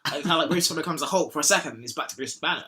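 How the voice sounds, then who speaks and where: A young man hosts a casual podcast chat in a bright, ringing voice that sits a little high. He rambles through loose, jokey tangents and drops into goofy voices along the way. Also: very fast. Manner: rambling, jokey, slips into silly put-on voices. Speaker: podcast host.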